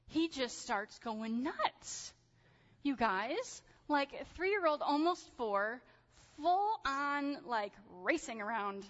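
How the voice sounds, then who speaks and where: A woman in her thirties telling a personal story in a sermon, animated and chatty with casual fillers. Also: fairly high pitch. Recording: dull sound with long hall reverb.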